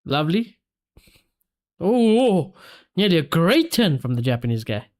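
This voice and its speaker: Male streamer, high voice, excitable live football watchalong host. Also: measured pace. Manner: excitable, reacts to play and reads viewer comments aloud. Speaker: streamer hosting a match watchalong.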